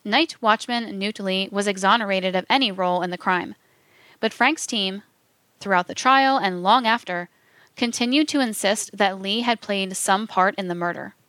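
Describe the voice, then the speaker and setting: A woman reading scripted documentary narration in a measured, formal way. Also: mid-range voice, fairly bright tone, no room sound. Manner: measured, reads quotations aloud with formal announcements.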